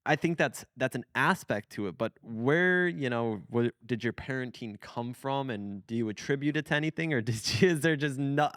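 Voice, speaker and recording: A man's voice: mid-range voice, lively intonation, moderate pace, hardly any pauses, a bit bright, dry recording, studio quality. A man in his twenties hosting a podcast in a casual, rambling chat, full of fillers and restarts. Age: 20s. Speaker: podcast host.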